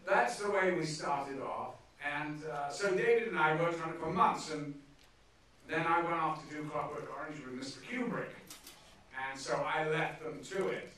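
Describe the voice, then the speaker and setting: A man's voice: a little high, normal speed, a little hiss or hum. A man telling anecdotes onstage as a guest at a film screening, acting out the people in his stories. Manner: animated storyteller acting out quotes. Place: large theatre hall. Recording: echoey theatre from far off.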